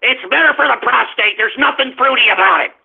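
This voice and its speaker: A man doing a smug, pompous young pundit in a parody bit. The voice sits very high for a man, with a gravelly edge. It comes through a thin, phone-like line. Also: fairly quick, heavily acted. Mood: mocking smugness. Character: smug self-assured young male pundit. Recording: tinny phone-line sound.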